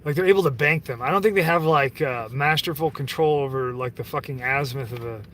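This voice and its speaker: A man's voice: mid-range voice, fast, a bit bright, recorded from a distance, a little hiss or hum. A man talking to his chat on a livestream, rambling and profane, full of fillers and restarts. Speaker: livestream host reading chat. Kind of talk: casual livestream rant.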